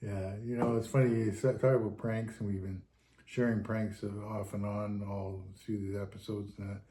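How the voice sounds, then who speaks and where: A man's voice: on the low side, level tone, moderate pace, mellow, slight background noise. A man, a former fire captain co-hosting a podcast, who tells stories with animation and acts out the voices in them. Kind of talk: casual storytelling chat. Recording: roomy, echoey room sound.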